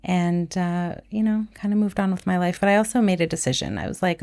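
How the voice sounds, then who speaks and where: Low, gravelly-voiced woman reflecting. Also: fairly even intonation, a little fast, a little mellow. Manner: candid, reflective storytelling. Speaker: podcast guest, labor and delivery nurse. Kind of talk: casual conversation.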